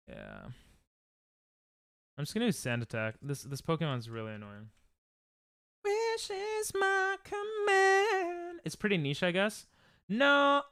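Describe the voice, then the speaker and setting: A man's voice: mid-range voice, fairly bright tone, clear, resonant tone, no room sound. A young man chatting casually on a live stream while gaming, joking, laughing often and reading chat aloud from a close desk mic at home.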